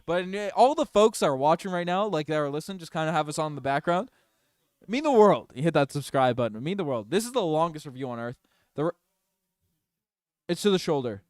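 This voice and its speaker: A man streaming fan play-by-play of a basketball game, excitable and openly partisan, talking to his chat. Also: a little high, brisk, no room sound, clean studio sound. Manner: excitable, biased home-team fan chatting with his chat. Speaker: streamer doing live play-by-play. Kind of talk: fan play-by-play livestream commentary.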